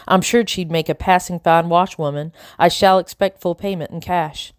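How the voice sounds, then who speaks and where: A woman's voice: fairly low pitch, steady tone, moderate pace, no echo, studio quality, close to an everyday voice. A woman reading the lines of a cold, haughty wealthy lady who speaks in an imperious, cutting way.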